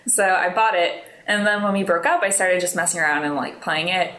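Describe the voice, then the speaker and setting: A woman's voice: on the low side, fairly quick, fairly bright tone. A young woman telling stories in a casual interview, rambling and self-deprecating, laughing often. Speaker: interview guest, musician. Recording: roomy, echoey room.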